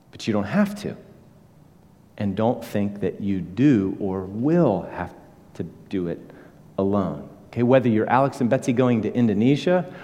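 Earnest male pastor preaching in a hall. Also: lowish voice. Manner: earnest, swings from hushed to emphatic. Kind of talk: sermon. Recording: echoey hall reverb.

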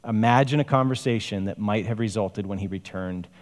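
A male pastor with a low voice preaches in a conversational way, tossing out rhetorical questions and sighing asides. His words ring out with the long reverb of a large hall. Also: a little fast, darkish tone. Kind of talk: sermon.

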